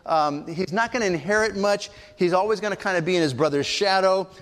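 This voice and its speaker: With a high, fairly bright voice and a brisk delivery, an older pastor tells family stories during a sermon in a large hall. He acts out the quoted voices of the people in them.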